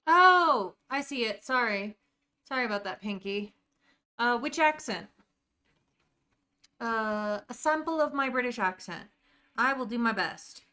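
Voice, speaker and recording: A woman's voice: fairly high pitch, lively intonation, a little slow, pauses often, bright, forceful tone, clear, resonant tone. A young woman streaming a game, chatting casually and answering her viewers by name as she reads the chat.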